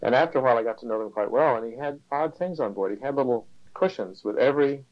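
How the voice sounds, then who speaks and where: An older man recalling weekend sailing trips in a casual, halting way. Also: mid-range voice. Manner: halting, hesitant storytelling. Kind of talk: casual reminiscing. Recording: dull lo-fi recording.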